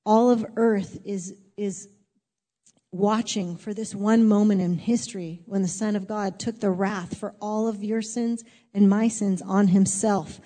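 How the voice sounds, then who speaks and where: A woman's voice: mid-range voice, warm tone. A woman pastor giving a sermon in a church, talking in a candid, chatty and self-deprecating way. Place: church sanctuary. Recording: long reverb of a large hall.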